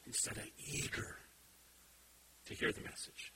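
A man's voice: sits high, a little slow, noisy background. A man preaching a sermon from a church stage, talking casually and then rising into emphatic exhortation. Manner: animated, builds to emphatic exhortation. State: has a headache.

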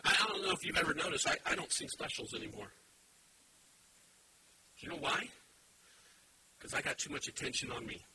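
A man preaching a sermon as pastor, emphatic, swinging from quiet asides to loud shouted points. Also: medium pitch, fairly quick, creaky, long pauses. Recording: steady background hiss.

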